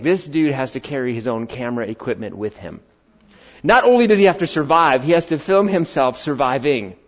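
A middle-aged pastor talks to his congregation like he's chatting with friends, jumping between stories and lively acted-out quotes. His voice sits in a middle pitch. The recording sounds slightly muffled and lo-fi. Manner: animated, conversational, acts out quotes in varied voices. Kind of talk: sermon with storytelling. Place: church hall before a congregation.

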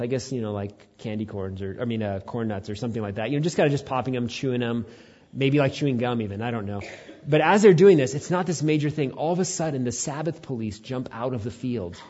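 A male pastor delivering a sermon with a husky, slightly breathy voice at a mid pitch. He preaches animatedly, leaping up for acted-out quotes and sinking to soft, low emphasis. The recording is dull and lo-fi. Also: quick pace. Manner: animated, acts out quotes with big pitch jumps, then drops low and quiet.

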